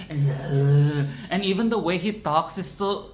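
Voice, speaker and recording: A vlogger giving casual film commentary in a dramatic, animated way, swearing freely and repeating phrases for emphasis. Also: mid-range voice, normal speed, few pauses, a little hiss or hum. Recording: roomy echo with faint ambience.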